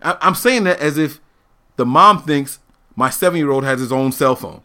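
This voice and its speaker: A man in his thirties telling a family story on a casual talk show, animated and laughing often as he acts out the people in it. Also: fairly high pitch, normal speed. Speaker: podcast host telling a story.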